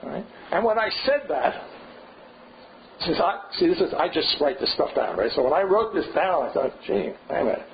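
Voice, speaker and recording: An older man's sing-song voice, a little high with vocal fry, carries an informal seminar lecture at a moderate pace. He digresses as he thinks aloud and keeps tossing in a rhetorical "right?". The classroom recording is dull and lo-fi, with slight background noise.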